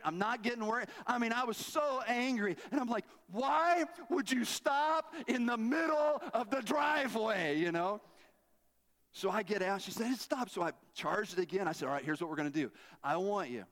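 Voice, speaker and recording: A middle-aged preacher with a notably high voice tells a long personal story from the pulpit. He talks casually and keeps turning to the congregation with questions. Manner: animated, conversational, asks the congregation questions. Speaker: pastor. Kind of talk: storytelling sermon.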